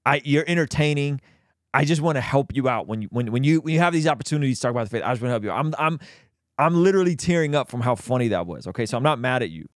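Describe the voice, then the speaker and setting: A man hosting a Christian reaction commentary, animated and quick to laugh, explaining and reading Bible passages into a close mic. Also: mid-range voice, dry recording. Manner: animated, bursts into laughter, reads scripture aloud.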